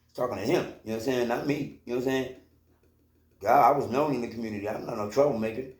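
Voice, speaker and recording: A man's voice: mid-range voice, fast talker, a little mellow. A man casually telling a personal story from his own life, rambling, with lots of fillers and swearing. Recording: roomy echo.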